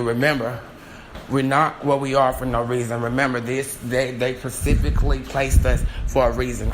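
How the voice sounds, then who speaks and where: A man hosting a solo podcast from home, talking in an excitable, scattered and heated way. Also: mid-range voice, slight background noise. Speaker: podcast host. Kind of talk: rambling solo podcast monologue.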